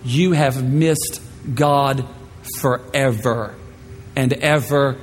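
A man voicing a mocking, accusing spirit, the enemy, pitched higher and pushed louder during a sermon. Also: fairly even intonation, drawn-out words. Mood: taunting. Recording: echoey hall with faint music.

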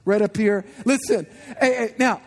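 A man in his forties preaching a sermon, telling animated personal stories and asking the congregation questions. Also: high voice, normal speed. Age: 40s. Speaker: guest preacher.

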